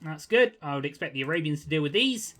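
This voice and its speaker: A young man giving casual gameplay commentary, chatty and quick to get exasperated, with jokey asides. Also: on the high side, lively intonation, fairly bright tone. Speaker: gaming video creator.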